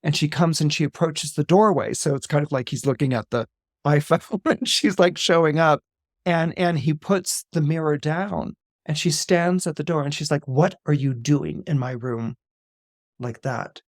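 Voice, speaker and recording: A man, an astrologer guest on a podcast, telling a story in a lively, chatty way with many fillers and restarts. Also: on the high side, normal speed, no room sound, clean studio sound.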